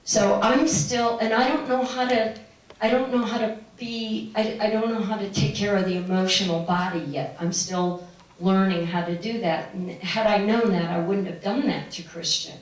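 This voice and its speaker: A woman's voice: mid-range voice, fairly even intonation, normal speed. A middle-aged woman telling a personal spiritual story to a live audience, meandering and laughing often. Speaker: spiritual speaker. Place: room with an audience. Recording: very echoey room, distant mic.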